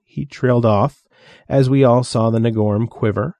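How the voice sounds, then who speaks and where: A man narrates an audiobook story in a steady, measured way. His voice is mellow and dark, recorded dry and close. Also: medium pitch, dry recording.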